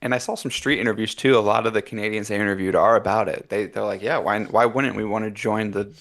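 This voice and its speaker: A man's voice: fairly low pitch, steady tone, fast talker, fairly bright tone. Laid-back hesitant man talking podcast. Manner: loose and hesitant, lots of fillers, matter-of-fact. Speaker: podcast co-host. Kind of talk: casual podcast chat.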